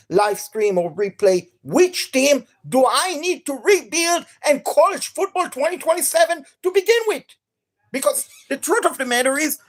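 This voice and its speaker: Hyped up lady gamer with an accent, streaming live and talking to chat. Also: high voice. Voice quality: non-native accent. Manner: extremely energetic, enthusiastic. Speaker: gaming streamer.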